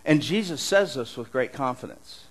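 A middle-aged man preaching like a pastor in easy, conversational tones. He talks animatedly at a middling pitch, doubling back over his words and letting out frequent chuckles. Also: normal speed, low-quality recording. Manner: animated, repeats and restarts words, chuckles often. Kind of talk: conversational sermon.

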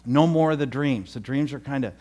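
An older pastor delivers a sermon in a relaxed, folksy way, often restarting his sentences. His voice sits in a middle range for a man. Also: mid-range voice, a little fast. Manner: conversational, folksy, with repeated restarts and joking asides.

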